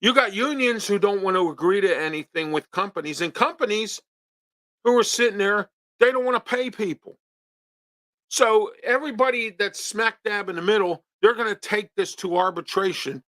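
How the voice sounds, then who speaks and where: Bright-voiced ranting talk show host, a man. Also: high voice, normal speed, no echo. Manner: ranting, rhetorical questions, repeats himself. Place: studio.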